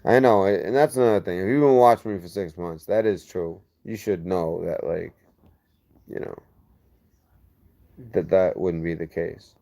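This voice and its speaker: Low gravelly man chatting on a livestream. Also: dark tone. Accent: lazy-sounding regional accent. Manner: rambling, gets heated and fast when defending himself. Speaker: livestream host. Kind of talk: casual livestream chat reading comments.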